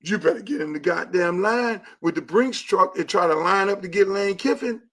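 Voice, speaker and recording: A man hosting a show, ranting about football with loud, profane, emphatic repetition. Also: high voice, husky. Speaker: talk show host; high school football coach. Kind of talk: profane sports rant.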